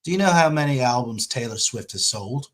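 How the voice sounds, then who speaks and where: A man doing a rough impression of a blunt male English friend with a put-on English accent. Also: mid-range voice, expressive, fairly quick, a bit bright, natural voice. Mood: quizzing. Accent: attempted English accent.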